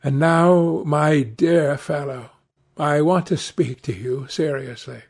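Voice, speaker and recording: Male narrator voicing a grave, earnest gentleman painter; gravelly audiobook delivery. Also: fairly high pitch, slow pace, heavily acted.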